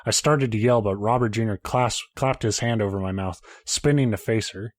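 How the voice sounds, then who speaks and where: A man's voice: lowish voice, normal speed, no echo. A man, a podcast host, reading a horror story aloud in a casual way, now and then breaking off to joke and swear.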